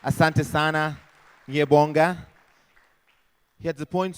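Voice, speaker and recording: A man's voice: fairly high pitch, moderate pace. Upbeat man hosting a live event. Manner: upbeat, rallies the audience. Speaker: event host.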